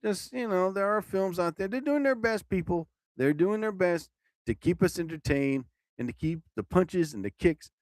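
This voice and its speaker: A man hosting his own live show, rambling casually and exclaiming loudly as he talks. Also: high voice, animated, moderate pace, no echo, studio quality. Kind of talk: casual live-stream monologue.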